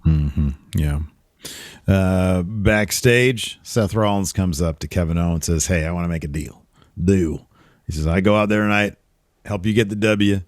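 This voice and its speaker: A man's voice: deep voice, moderate pace, no room sound, clean studio sound. A man co-hosting a podcast, giving an opinionated casual recap of a wrestling show, often trailing off and restarting.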